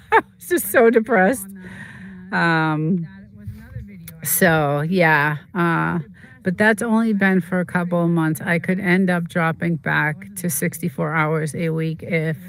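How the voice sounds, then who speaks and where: Streamer just chatting, rambly and halting, lots of ums. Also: medium pitch, fairly bright tone. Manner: rambling, halting storytelling full of fillers. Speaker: livestream host. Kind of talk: casual chat while streaming a game.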